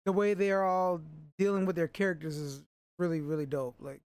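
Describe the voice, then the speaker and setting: A man's voice: sits high, a little fast, a little mellow, smooth, no echo. A man co-hosting a casual podcast chat, laid-back and rambling, swearing freely. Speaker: podcast co-host reviewing a TV episode.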